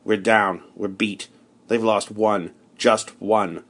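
A man reading the part of a grim, weary soldier with a hoarse voice, speaking in blunt, gloomy declarations. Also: medium pitch, normal speed, fairly bright tone, close to an everyday voice. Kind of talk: audiobook character reading.

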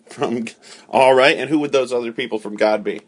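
A man's voice: mid-range voice, brisk, a little hiss or hum. Playful man hosting a casual chat. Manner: playful, jokey, laughs often. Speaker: host. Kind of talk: casual morning chat with a child.

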